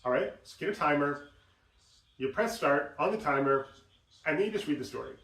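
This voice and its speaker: A man's voice: a little high, brisk. Man coaching voice from across a roomy space. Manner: animated, demonstrates examples in exaggerated voices. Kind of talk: instructional talk with demonstrations. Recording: roomy sound, mic at a distance.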